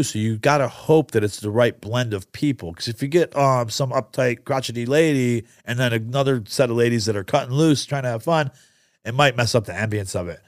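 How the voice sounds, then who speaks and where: Brief: male podcast host, mid-pitch, chatty, enthusiastic food reviewer, lots of "uh"s, dry close mic. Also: no room sound. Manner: chatty, enthusiastic, many fillers. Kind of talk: casual storytelling chat.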